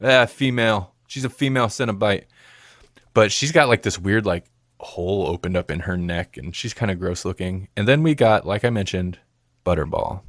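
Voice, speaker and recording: Casting: male podcast co-host, low voice, rambling and laughing, dry close mic. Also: normal speed, fairly bright tone, no echo. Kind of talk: casual movie review chat.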